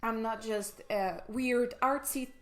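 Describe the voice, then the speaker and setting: A woman's voice: fairly high pitch, slow pace, faint music behind. A woman in her twenties, a vlogger giving a podcast-style pep talk in a passionate, emphatic way, swearing for emphasis.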